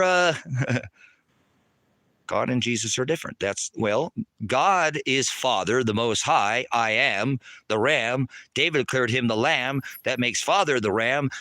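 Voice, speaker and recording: A man on a livestream, ranting angrily at his chat, swearing and preaching, loud one moment and lecturing low the next. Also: expressive, unhurried, no echo. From United States. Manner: angry, profane and preachy, swings between shouting and low lecturing. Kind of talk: heated livestream rant to chat.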